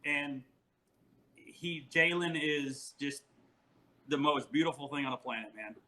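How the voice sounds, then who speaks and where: A man in his forties, a podcast guest, telling family stories in casual chat, animated and laughing often. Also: on the high side, measured pace, poor audio.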